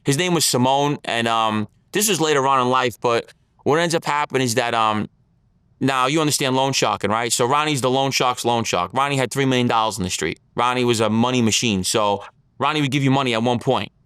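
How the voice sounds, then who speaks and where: A man's voice: mid-range voice, brisk, a bit bright, clean tone, no room sound, studio quality. A man telling his story as an interview guest, in blunt street talk, acting out the lines of others.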